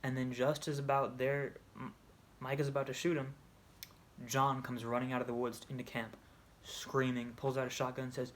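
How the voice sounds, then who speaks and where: A man's voice: medium pitch, level tone, moderate pace. A man casually retelling a video game story, rambling, restarting and correcting himself as he goes. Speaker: video creator.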